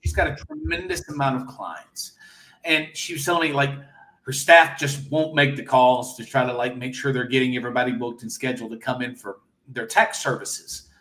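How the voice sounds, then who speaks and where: A man's voice: mid-range voice, fairly even intonation, moderate pace, fairly bright tone, roomy sound. A man as an interview guest, talking enthusiastically and telling stories about his business. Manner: enthusiastic, storytelling. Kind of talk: casual interview.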